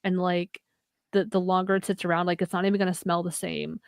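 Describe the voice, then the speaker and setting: A woman's voice: fairly low pitch, level tone, a little fast, vocal fry, clear, resonant tone, dry recording, studio quality. A young woman co-hosting a podcast in casual chat, rambling along with many "like" fillers. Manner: rambling, heavy use of "like" as a filler. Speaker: podcast co-host.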